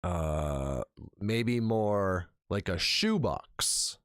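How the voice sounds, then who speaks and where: A man's voice: low voice, expressive, extremely slow, no room sound, studio quality. Sarcastic man joking through a livestream. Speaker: streamer reacting to a video. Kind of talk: live reaction commentary.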